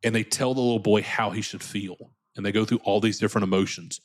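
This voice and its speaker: Earnest low-voiced man, podcast guest. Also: fairly even intonation, fast talker. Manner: earnest, repeats words when starting sentences. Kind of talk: candid conversational interview.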